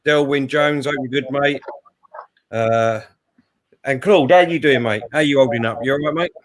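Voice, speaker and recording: A man's voice: medium pitch, moderate pace, dry recording. A man hosting a casual live stream, chatting and greeting viewers by name. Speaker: host.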